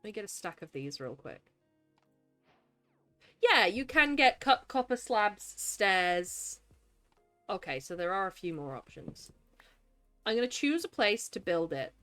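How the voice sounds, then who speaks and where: A woman's voice: medium pitch, very animated, measured pace, pauses often, bright, forceful tone, soft background music. A woman streaming live gameplay, chatting away, greeting and thanking viewers and talking to the creatures in her game.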